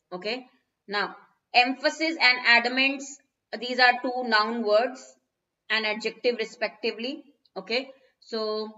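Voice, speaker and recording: Bright-voiced Indian woman teaching English. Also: fairly high pitch, highs cut off. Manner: explains word meanings step by step, mixing in Hindi. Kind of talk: live online exam-prep lesson. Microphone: phone.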